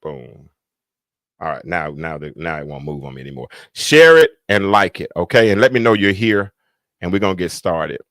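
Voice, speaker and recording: A man hosting a livestreamed Bible lesson. He shifts between loud, high-pitched preaching and quiet muttered asides, and he often stumbles and restarts. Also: expressive, normal speed, no echo. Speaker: preacher and podcast host. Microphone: computer mic on a livestream.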